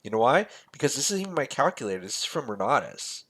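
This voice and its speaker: A man hosting a finance channel, walking through a spreadsheet in a casual way, with joking, sarcastic asides and big swings between loud and quiet. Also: medium pitch, sing-song, fast talker, slightly rough.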